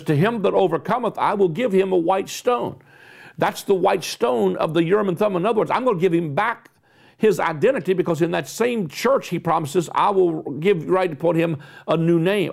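A man's voice: fairly high pitch, creaky. A man preaching a sermon, emphatic, repeating and stressing words for effect, with rising bursts of intensity.

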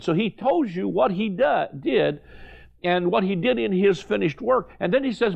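A man preaching a sermon, emphatic, repeating key words and slowing down to draw out scripture. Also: sits high, expressive, vocal fry, muffled recording.

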